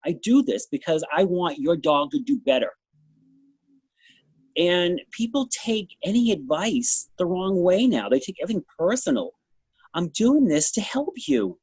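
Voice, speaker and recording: Middle-aged man, New England accent, blunt and rambling, husky. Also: high voice, big pitch swings, a little mellow, no room sound. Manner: blunt, talks fast in bursts, trails off. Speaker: dog show judge. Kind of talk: interview answer, candid anecdotes.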